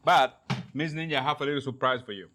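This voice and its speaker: A man hosting a food tasting, bursting with enthusiasm over every bite. His voice is bright and forceful at a middling pitch. His grammar is loose and non-standard. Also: fast talker, slight background noise. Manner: enthusiastic, exclaiming over flavors. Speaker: cooking show host. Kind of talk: casual food tasting chat.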